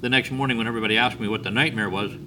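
A man's voice: mid-range voice, steady tone, rapid-fire, pushed and bright, slight background noise, close to an everyday voice. A man voicing an anxious, honest six-year-old girl in a sermon story, speaking earnestly. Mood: worried, confessing.

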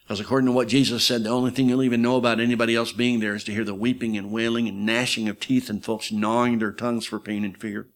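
A man preaching a sermon, telling stories dramatically, swinging loud for quoted voices and dropping low for emphasis. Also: little pitch movement, quick pace, few pauses.

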